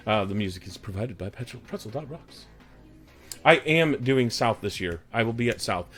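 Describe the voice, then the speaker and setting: With a slightly rough, fairly bright mid-range voice and lively intonation, a man with a Texan accent speaks at normal speed on his live stream. Music runs underneath while he rambles, jokes and chats with viewers by name.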